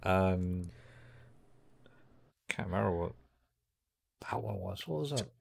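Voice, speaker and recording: A man in casual chat, animatedly retelling scenes and slipping into quick character voices. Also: deep voice, expressive, gravelly, darkish tone, breathy edge. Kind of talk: casual chat recapping a show.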